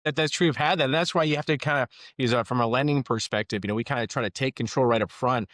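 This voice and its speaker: A man who works as a mortgage lender, talking casually on a podcast with quick, filler-laden speech. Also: mid-range voice, fairly bright tone, no echo, clean studio sound. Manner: quick, conversational, frequent fillers.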